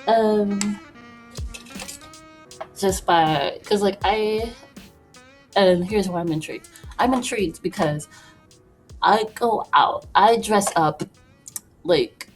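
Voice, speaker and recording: A woman's voice: medium pitch, slow pace, pauses often. A young woman vlogging casually while getting ready, rambling with lots of fillers and little laughs. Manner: rambling, filler-heavy, many "like"s; laughs between thoughts. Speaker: beauty vlogger. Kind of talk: casual get-ready-with-me chat. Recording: music playing clearly behind voice.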